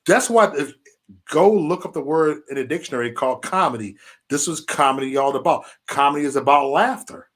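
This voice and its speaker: A man co-hosting a casual podcast chat, telling funny stories in an animated, joking manner. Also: a little high, brisk. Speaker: podcast co-host.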